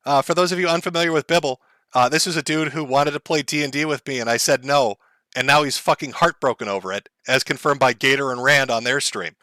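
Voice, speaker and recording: Male streamer host, crude mocking commentary, bright tense tone, dry close sound. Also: mid-range voice, fast talker, dry recording. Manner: mocking, crude, laughs often. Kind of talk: profane comedic commentary.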